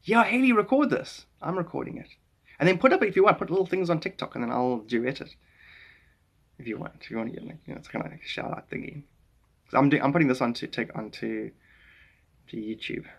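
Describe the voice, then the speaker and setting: A South African man chatting casually on a live stream, rambling and animated as he jumps between ideas. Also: medium pitch, fast, creaky, long pauses, slightly rough.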